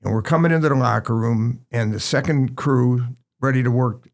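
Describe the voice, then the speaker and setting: An older man from the St. Louis area, a retired basketball referee, telling lively anecdotes as a podcast guest. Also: mid-range voice, normal speed, gravelly. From St. Louis area, USA. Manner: lively anecdotal storyteller, acts out quotes. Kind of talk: casual storytelling chat.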